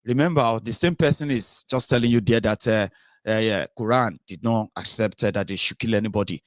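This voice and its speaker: A man's voice: lowish voice, a little fast, no room sound, studio quality. A Nigerian man giving an impassioned commentary monologue, emphatic and rhetorical, with many filler sounds. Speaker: political commentary host.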